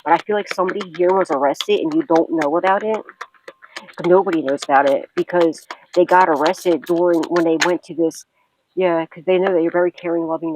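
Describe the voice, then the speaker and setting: A woman's voice: on the low side, background noise. A woman psychic tarot reader giving a rambling, profane spiritual reading.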